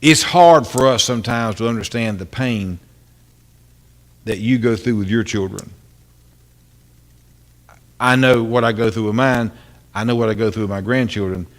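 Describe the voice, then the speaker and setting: A man's voice: lowish voice, moderate pace, pauses often. An older man, a pastor, preaching an earnest, impassioned sermon full of repeated phrases and rhetorical questions.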